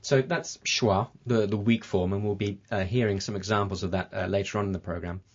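Husky-voiced male radio presenter. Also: lowish voice, steady tone, a little fast. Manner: hesitant, with fillers and restarts. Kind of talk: educational radio chat. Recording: dull lo-fi broadcast audio.

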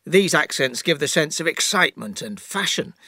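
Yorkshire man, lively explanatory guest. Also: a little high, moderate pace, no echo, studio quality. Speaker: guest professor. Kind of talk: scripted listening-exercise interview.

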